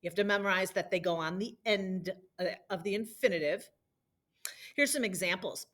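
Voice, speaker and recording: A woman's voice: mid-range voice, normal speed, a bit bright. Woman, teacher, recorded lesson, patient step-by-step explaining, repeats drills. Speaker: Spanish teacher.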